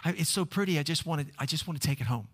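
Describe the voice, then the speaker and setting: A woman's voice: low voice, lively intonation, very fast, slightly rough, voice pushed up, heavily acted. A man doing a tearful woman, pleading. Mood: touched, pleading. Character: tearful grateful woman at a diner.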